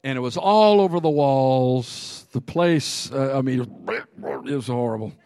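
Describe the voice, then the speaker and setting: In a smooth, mid-range voice and at a slightly slow pace, a man delivers a sermon full of funny stories. He laughs often, stays animated, and calls out to the congregation, captured in studio quality with no echo.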